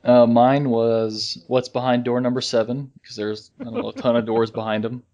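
A man co-hosting a casual fan podcast, rambling in a relaxed way, with restarts and chuckles. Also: medium pitch, moderate pace, highs cut off. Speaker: podcast co-host.

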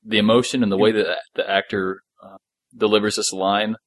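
A man's voice: lowish voice, flat delivery, moderate pace, no echo. A man co-hosting a podcast, chatting in an enthusiastic, laid-back way about a show he is a fan of. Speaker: podcast co-host. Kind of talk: casual chat.

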